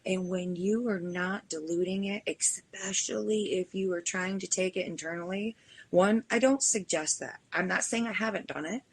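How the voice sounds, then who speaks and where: A woman's voice: mid-range voice, moderate pace, breathy edge, low-quality recording. A woman hosting a podcast in casual chat, telling stories and acting out the exchanges she describes. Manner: storytelling, acts out quoted exchanges. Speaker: podcast host.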